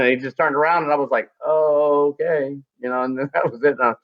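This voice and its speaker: A man's voice: on the high side, brisk, dull audio. A former combat medic telling crude army stories casually, acting out the people he quotes. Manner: crude, animated anecdote-telling with acted quotes. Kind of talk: casual storytelling.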